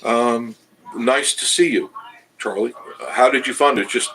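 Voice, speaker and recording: A man's voice: mid-range voice, measured pace, pushed and bright, rough recording. An older man hosting a casual livestream, chatting with viewers in a rambling, self-amused way. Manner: rambling, chatty, restarts, laughs at himself. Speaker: travel channel host reading live chat.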